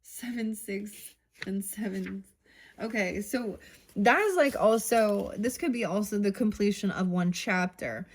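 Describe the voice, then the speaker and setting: A woman's voice: mid-range voice, a little hiss or hum. Woman musing through a tarot reading. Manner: musing, thinks aloud, halting with fillers. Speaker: tarot reader. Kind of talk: tarot reading with a book read aloud.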